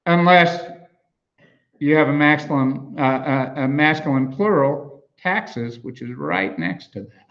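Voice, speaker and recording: A man's voice: mid-range voice, lively intonation, measured pace, highs cut off. A man preaching an expository sermon in a conversational way, with frequent fillers and restarts as he explains grammar. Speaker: pastor.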